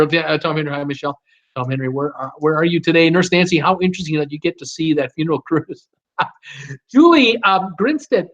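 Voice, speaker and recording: A man hosting a live stream, reading viewer comments aloud and greeting each viewer by name in a chatty, upbeat way. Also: fairly high pitch. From United States. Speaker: host of a live cruise Q&A stream. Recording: slightly dull, lo-fi stream audio.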